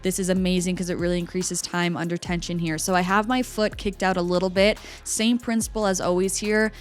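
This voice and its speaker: A woman's voice: fairly low pitch, fairly even intonation, a little fast, faint music behind. A young woman, a personal trainer talking viewers through workout form in a chatty, instructive voice-over.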